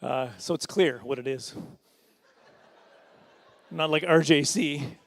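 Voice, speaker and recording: A middle-aged man doing stand-up at a fundraising dinner speaks a little high, with lively intonation and vocal fry. He rambles along, pokes fun at himself, and drops in quick asides and chuckles.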